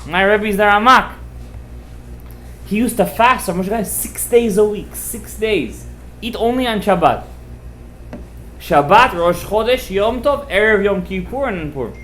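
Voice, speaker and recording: Rabbi guy telling a story at a dinner, kinda high voice, acts out everyone, tosses in hebrew words, faint room hum behind. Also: measured pace, pauses often. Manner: animated, acts out the quoted voices; mixes Hebrew and Yiddish terms into casual English. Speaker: rabbi giving a Torah talk. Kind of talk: storytelling Torah talk at a festive meal. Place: festive meal gathering.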